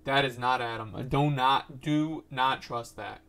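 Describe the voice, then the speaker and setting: A man's voice: medium pitch, measured pace, vocal fry, hardly any pauses, fairly bright tone. A man hosting a horror reaction video who talks in a panicky way and keeps repeating exclamations. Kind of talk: reaction commentary.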